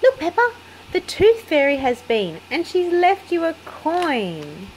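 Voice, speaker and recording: A woman's voice: on the high side, lively intonation, moderate pace, a little hiss or hum, pitched above the performer's own voice, rough recording. Woman doing a jolly daddy pig. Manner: jolly, cheery. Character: jolly, laughing father pig.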